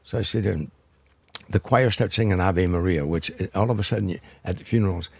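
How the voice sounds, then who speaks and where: Husky low-voiced older man telling stories. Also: fast, no echo. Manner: animated raconteur, restarts and repeats words. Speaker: guest comedian. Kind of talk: anecdotal storytelling in an interview.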